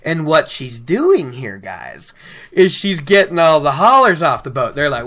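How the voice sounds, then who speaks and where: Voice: mid-range voice, very animated, measured pace, fairly bright tone. A podcast host casually recapping a fantasy book chapter with chatty, enthusiastic asides.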